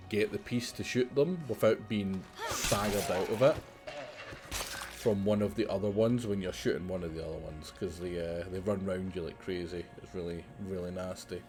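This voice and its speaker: A man streaming a survival game, chatting casually and explaining his tactics with exasperated asides. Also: on the low side. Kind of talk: casual gameplay commentary.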